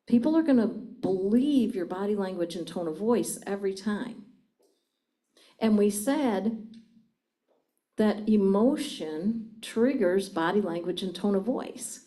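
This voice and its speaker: A middle-aged woman, a communication trainer, presents a seminar to a live audience and engages them with frequent questions. Her voice is medium in pitch with a dark tone, and the audio is poor.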